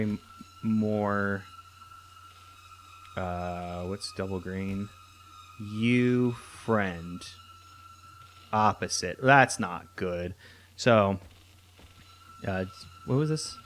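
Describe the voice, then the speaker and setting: A man's voice: lowish voice, a little hiss or hum. A young man giving casual gameplay commentary, rambling and thinking aloud with lots of restarts. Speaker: let's play host.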